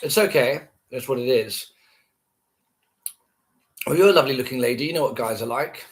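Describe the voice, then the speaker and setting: A man's voice: mid-range voice, normal speed. A man ranting casually to camera, scornful and heavily profane, repeating himself.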